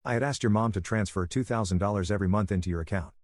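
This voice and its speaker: A man voicing a stern middle-aged father who presses with sharp questions, read in a steady narrating voice. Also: fairly low pitch, rapid-fire, no echo, clean studio sound, natural voice. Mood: stern, angry.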